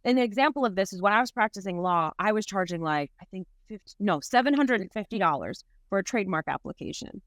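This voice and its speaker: Brief: woman guest from new york, mid pitch, lively and laughing, close dry mic. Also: fast talker, hardly any pauses, no echo. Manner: lively, laughs often, fills with "like" and "right?". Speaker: podcast guest, entrepreneur. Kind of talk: casual interview talk.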